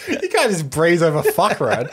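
A man's voice: a little high, huge pitch swings, normal speed, slightly rough. Wry, dry-humored podcast co-host man. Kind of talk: comedic podcast chat.

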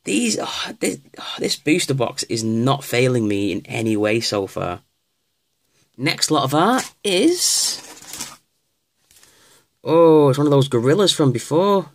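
A man casually opening card packs on camera, reading out card names with excited exclamations. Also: medium pitch, slow pace, pauses often, no room sound. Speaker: card pack opener. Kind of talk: casual unboxing commentary.

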